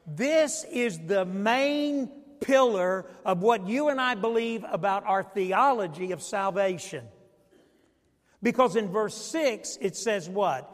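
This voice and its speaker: A man's voice: high voice, expressive, takes it slowly, long reverb tail. A male pastor preaching a sermon, emphatic and asking the congregation questions. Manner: emphatic, call-and-response questions.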